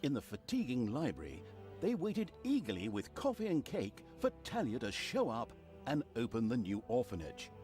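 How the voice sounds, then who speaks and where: A sardonic male narrator for a video game, his voice rising and falling widely as he mocks the heroes. Soft music plays underneath. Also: medium pitch. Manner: sardonic, mock-grand storyteller. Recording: game audio with music behind.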